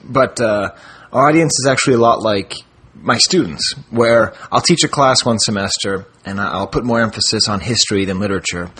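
A man's voice: on the low side, fairly quick, a little hiss or hum. A man co-hosting a collectors' podcast, talking in a chatty, casual way and laughing often. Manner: chatty, laughs often, lively when excited. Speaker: podcast co-host. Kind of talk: casual chat.

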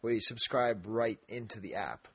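Man, podcast co-host, casual chat, husky breathy voice, dry close sound, rambling and laughing. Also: fairly low pitch, moderate pace, a bit bright, no echo. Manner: rambling, laughs often, many restarts.

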